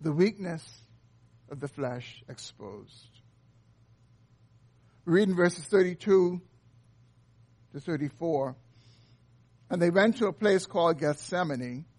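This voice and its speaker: A man with a notably high voice delivers an earnest sermon. He walks through a scripture passage verse by verse and explains each part carefully, as a pastor does. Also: animated, slow pace, pauses often, darkish tone. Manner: earnest expository preaching.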